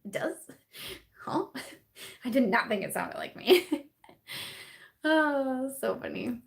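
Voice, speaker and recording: A woman's voice: high-pitched, lively intonation, slow, gravelly. Giggly young woman chatting live. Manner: bubbly, giggly, lots of "like" and laughter. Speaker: beauty vlogger hosting a live chat. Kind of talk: casual live-stream chat reading comments.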